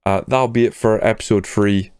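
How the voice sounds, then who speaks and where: A man's voice: lowish voice, normal speed, smooth, dry recording, studio quality. A young man, casually commenting on his own football management game and getting worked up over goals. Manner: excitable, swears when a goal goes in. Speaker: gaming YouTuber.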